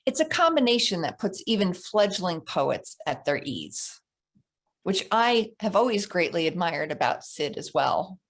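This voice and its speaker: A woman's voice: lowish voice, sing-song, unhurried. A woman hosting a literary reading, introducing the next guest in an admiring way. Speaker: event host introducing a guest.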